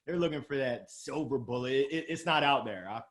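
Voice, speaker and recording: A middle-aged man with a Southern drawl from Alabama, talking as a guest in an interview, animated and exuberant, joking about himself. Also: mid-range voice. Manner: animated, exuberant, quick jokes. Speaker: guest sales coach. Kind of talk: energetic interview talk.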